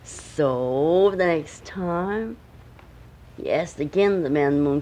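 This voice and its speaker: A woman's voice: low voice, slow pace, dark tone, a little hiss or hum, rough recording. An older woman, a grandmother, telling a homemade bedtime story at home with chatty asides to the listening child.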